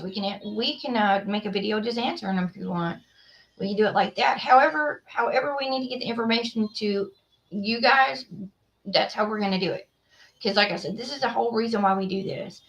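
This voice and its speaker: This livestream host is a woman with a medium-pitched, slightly bright voice. She chats loosely with her viewers, rambling along with plenty of fillers.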